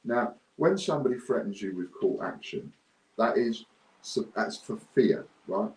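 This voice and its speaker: A man's voice: on the low side, animated, a little slow, darkish tone, reverberant, rough recording. Blunt, indignant man. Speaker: business owner vlogger. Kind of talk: ranting to camera.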